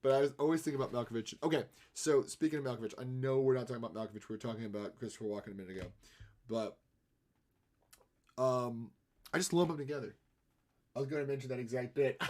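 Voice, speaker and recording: A man's voice: medium pitch, a little fast, long pauses, darkish tone. A man livestreaming his artwork, talking in a rambling, casual way and laughing often. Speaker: livestreaming artist. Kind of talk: casual chat while drawing on a live stream.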